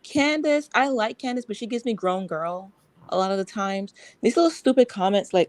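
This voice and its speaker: A woman's voice: medium pitch, lively intonation, a little fast, a little mellow, no echo, poor audio. Chatty woman going on about reality tv, lots of likes and ums, dead dry sound. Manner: rambling, frank, lots of fillers. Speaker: guest. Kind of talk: casual chat.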